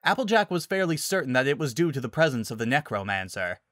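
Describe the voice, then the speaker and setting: A man narrating a dramatic story reading in an animated way. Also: mid-range voice, fast talker, no echo, studio quality.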